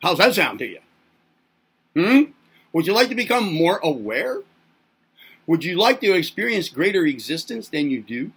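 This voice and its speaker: A man's voice: a little high, very animated, moderate pace, pauses often, fairly bright tone, husky. A man hosting a self-help channel, speaking in a playful monologue to camera as if to babies. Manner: teasing, talks as if to babies.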